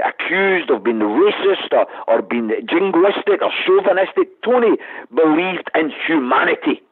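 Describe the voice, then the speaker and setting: A man's voice: a little high, breathy edge. A Scottish man arguing politics with passion and emphasis as a radio guest, speaking over the phone. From Scotland. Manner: impassioned, emphatic, calls host mate. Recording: tinny phone line.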